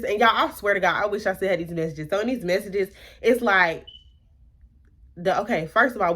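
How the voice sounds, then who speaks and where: In a storytime vlog, a young woman animatedly and chattily recounts a personal drama to her viewers, asking rhetorical questions and acting out everyone's lines. Her husky voice sits at a medium pitch.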